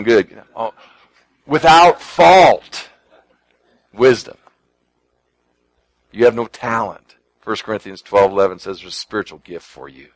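A man delivers a sermon in a fairly low, unhurried voice. He talks conversationally, repeats himself, and quotes scripture, sometimes softening to a hush and sometimes leaning into words with emphasis. The sound is dry and close, with no room echo. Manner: shifts from soft near-whispers to emphatic lines. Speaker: pastor.

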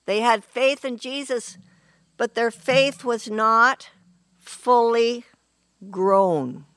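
A woman preaching a sermon in an earnest, unhurried way, often clearing her throat. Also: on the high side, fairly bright tone, dry recording.

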